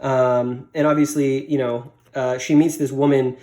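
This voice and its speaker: A man's voice: mid-range voice, little pitch movement, a little slow, mellow. A man casually reviewing comics, rambling with many fillers and restarts.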